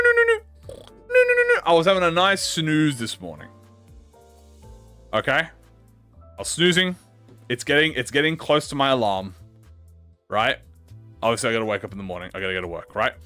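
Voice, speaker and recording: A man talking as a gaming YouTuber in a casual story-time chat, excitable, swearing a lot and restarting his sentences. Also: on the high side, dry recording.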